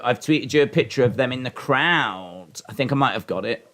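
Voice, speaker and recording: A man's voice: medium pitch, expressive, normal speed, a bit bright. Chatty man hosting a live stream. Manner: rambling, chatty asides to chat readers. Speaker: livestream host. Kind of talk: live wrestling watch-along commentary.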